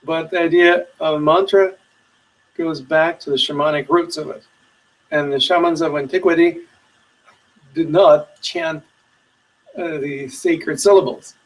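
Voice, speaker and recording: A man teaching meditation in a webinar, giving slow, soothing guided instructions with long pauses. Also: a little high, recorded from a distance, poor audio.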